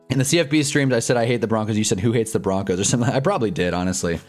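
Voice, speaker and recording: A man hosts a live football stream, rambling through casual commentary, reading chat and getting loud and excited over big plays. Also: on the low side, very fast, faint music behind.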